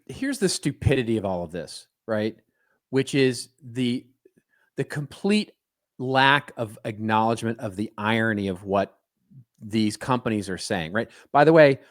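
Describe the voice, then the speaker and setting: A man's voice: lowish voice, no echo, clean studio sound. A man co-hosting a podcast in casual chat, wry and skeptical, often stumbling and restarting his words. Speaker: podcast co-host.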